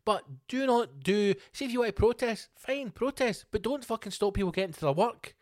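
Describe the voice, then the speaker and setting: A man's voice: high-pitched, fairly quick, a little mellow, no echo, clean studio sound. A Scottish man hosting a podcast, delivering a sweary, mock-outraged comedic rant. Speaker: podcast host. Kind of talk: ranting comedic podcast monologue.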